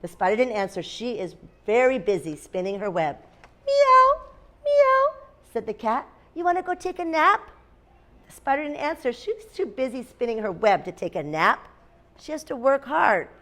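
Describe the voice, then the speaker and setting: A woman's voice: mid-range voice, animated, fairly quick. A woman teacher in a classroom, reading a picture book aloud to young children, asking them questions and making animal sounds. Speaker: kindergarten teacher.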